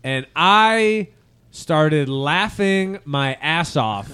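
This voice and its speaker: A man co-hosting a casual podcast, excitable, laughing often and swearing as he tells a story. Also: on the high side, drawn-out words, clear, resonant tone. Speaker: podcast co-host.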